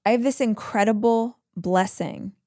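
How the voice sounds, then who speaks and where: A woman's voice: a little high, measured pace, mellow, no echo, studio quality. A woman hosting a podcast and giving advice in an earnest, emphatic way. She often repeats her key phrases. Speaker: podcast host. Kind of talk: advice monologue.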